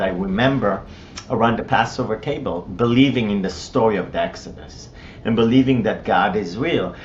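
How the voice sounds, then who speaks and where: A middle-aged man from Israel with an Israeli accent and Hebrew as his first language, telling his personal story in a conversational way, with many restarts and fillers. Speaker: interview guest. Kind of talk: personal testimony. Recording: slightly dull with faint rumble.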